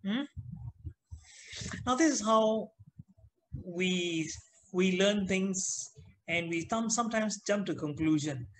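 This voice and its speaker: Middle-aged male trainer, high-pitched and chatty, leading an online lesson. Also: slow, long pauses, a bit bright, slight background noise, rough recording. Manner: chatty, asks the class questions. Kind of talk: online class talk.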